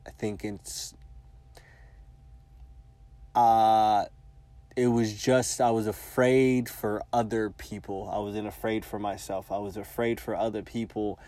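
A man's voice: fairly low pitch, flat delivery, slow, pauses often, dark tone, no echo. A man in his twenties telling a long personal story in casual, profane, rambling speech full of filler words. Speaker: vlogger.

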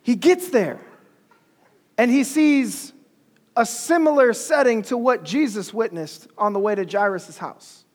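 A man preaching in a casual, animated way, retelling a story with slang and asides. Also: very high voice, unhurried. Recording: long hall reverb.

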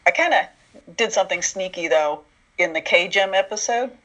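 A man being interviewed about writing an animated series, who tells stories in a relaxed, chatty way and acts out the voices of people he quotes. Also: high voice, normal speed. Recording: dull lo-fi sound.

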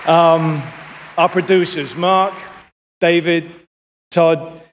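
A British man giving an award acceptance speech, halting and full of "uh" fillers, recorded in a large awards hall. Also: a little high, steady tone, a little hiss or hum. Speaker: award winner. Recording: reverberant hall with crowd.

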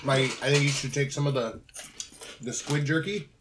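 A young man in casual chat tasting snacks, loud and reactive, swearing freely. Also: mid-range voice, normal speed. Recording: noisy casual recording.

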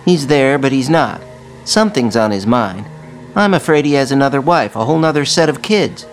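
A man's voice: mid-range voice, animated, moderate pace, faint music behind, voice pushed up, natural voice. A man voicing a tall, very direct teenage girl who has come to hire a detective. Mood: worried. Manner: direct, questioning.

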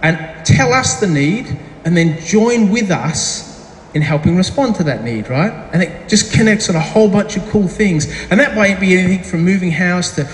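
High-voiced pastor in an echoey hall. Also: male voice, animated, normal speed, a little hiss or hum. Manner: chatty storytelling, self-deprecating asides. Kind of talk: sermon. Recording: echoey hall with faint ambience.

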